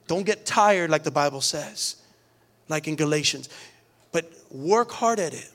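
Man, high voice, middle-aged pastor, earnest sermon, emphatic build-ups. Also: lively intonation, a little slow, fairly bright tone. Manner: earnest, repetitive restarts, rising emphatic preaching.

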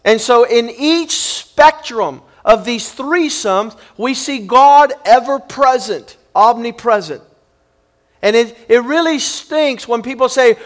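A pastor raised in a Cuban family, preaching an emphatic sermon with many repetitions and growing intensity. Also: male voice, very high-pitched, a little slow. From Cuban upbringing.

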